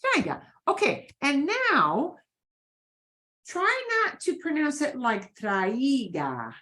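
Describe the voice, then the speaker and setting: A woman's voice: high-pitched, sing-song, takes it slowly, sharp tone. A woman teaching a beginners' Spanish class, patiently repeating phrases for her students to echo.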